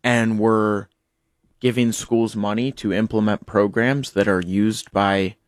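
A man's voice: on the low side, fairly even intonation, slow, no room sound, clean studio sound. A seventeen-year-old guest on a talk radio show, explaining his views in an earnest way and backing them with numbers. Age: teens. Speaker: student guest.

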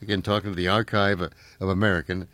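A man's voice: deep voice, little pitch movement, brisk, fairly bright tone, dry recording. A man hosting a radio show, talking casually with many fillers. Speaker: radio host.

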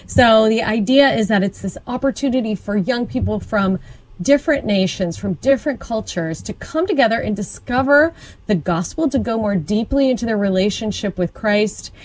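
A woman's voice: medium pitch, darkish tone, rough recording. A woman chatting about church events in an upbeat, informative way, with the occasional restart. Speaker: co-host. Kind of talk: conversational Catholic radio chat.

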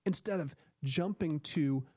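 A man hosting a podcast, giving earnest parenting advice and acting out calm lines a parent might say. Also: fairly high pitch, unhurried, breathy edge, dry recording. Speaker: podcast host.

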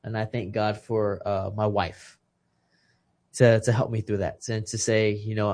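His voice is lowish, level, and darkish, and he speaks unhurriedly. The man, a retired boxer in his thirties, is a guest on a casual podcast, emotionally recounting a personal story and voicing the lines of others involved.

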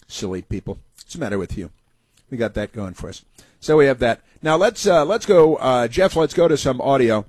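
Sarcastic husky-voiced male talk host. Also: medium pitch, darkish tone, dry recording. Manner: sarcastic, mocking, rambling with many fillers. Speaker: radio talk show host. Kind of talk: political talk radio commentary.

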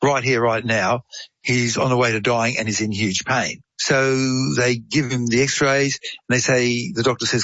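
A man's voice: medium pitch, steady tone, measured pace, fairly bright tone, no echo, highs cut off. Chatty man explaining science. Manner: chatty, explains with analogies and case stories. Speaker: science explainer on a talk show. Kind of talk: casual chat, storytelling explanation.

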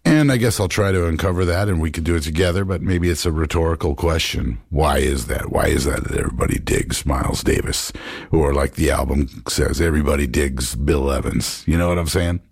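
A man's voice: extremely low pitch, fairly quick, creaky, slightly rough, no room sound, clean studio sound. A man hosting a jazz radio show, musing in a loose, rambling way with plenty of fillers as he talks about records.

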